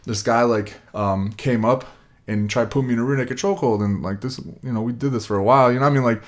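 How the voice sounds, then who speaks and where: A man's voice: medium pitch, fairly even intonation, quick pace. A man, around his twenties, telling a long casual story, rambling with lots of fillers. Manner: rambling, lots of "like" and "you know".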